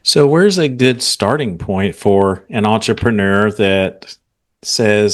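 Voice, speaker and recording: A man's voice: lowish voice, takes it slowly. A man hosting a podcast interview, easygoing and conversational. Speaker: podcast host.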